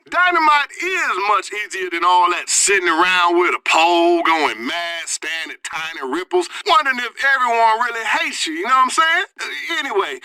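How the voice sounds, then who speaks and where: A rambling, excitable redneck caller. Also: male voice, sits high, dry recording, full character voice. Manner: rambling, with bursts of shouting. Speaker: radio caller. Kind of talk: scripted radio comedy acting.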